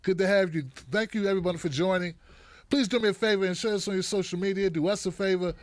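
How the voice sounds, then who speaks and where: A man hosting a live online show, greeting viewers by name in a casual, playful way, with a dry throat that he keeps clearing. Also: high-pitched, quick pace, no room sound. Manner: lively and animated, playful asides to viewers.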